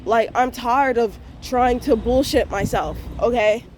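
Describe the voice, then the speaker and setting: A woman in her twenties vlogging a frank, profane morning rant to her viewers, full of slang and talking things through out loud. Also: on the high side, measured pace, a little hiss or hum. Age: 20s. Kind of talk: casual morning rant to camera.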